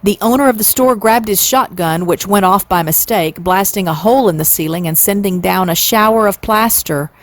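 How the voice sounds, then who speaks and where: A woman in her sixties reading a classic children's novel aloud, expressive and playing up the sound words. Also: medium pitch, moderate pace, few pauses. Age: 60s. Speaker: storyteller.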